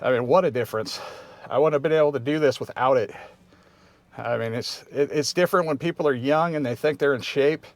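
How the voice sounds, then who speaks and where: A man's voice: medium pitch, fairly quick, dry recording. A man in his fifties hosting a casual vlog, talking in an easygoing, rambling way with many restarts. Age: 50s. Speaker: vlog host.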